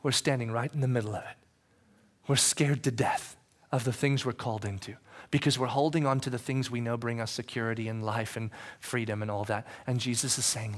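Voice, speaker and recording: Speaking with a mid-range voice and a steady tone, a male pastor preaches a little fast in church. He talks conversationally, questions the congregation, and shifts from hushed passages to shouting.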